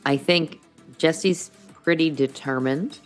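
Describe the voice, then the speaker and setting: A woman playing a tabletop game, describing scenes in an unhurried storytelling way. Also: low voice, faint music behind. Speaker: player. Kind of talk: casual tabletop play.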